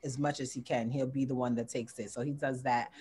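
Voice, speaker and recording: A young woman, a mother, chatting as an interview guest and acting out family stories in lively voices. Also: a little fast, breathy edge. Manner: animated storyteller, acts out quotes with big pitch jumps. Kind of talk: casual chat.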